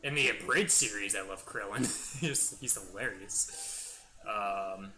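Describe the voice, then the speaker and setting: Young guy rambling through a let's play, super bright sharp voice, excited and chatty. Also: medium pitch. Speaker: gaming channel host.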